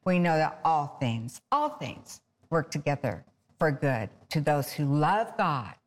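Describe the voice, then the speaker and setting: A woman with a low-pitched voice hosts a Christian talk show. She gushes, stumbles over her words and repeats phrases, often reading devotional passages aloud. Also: sing-song, slow.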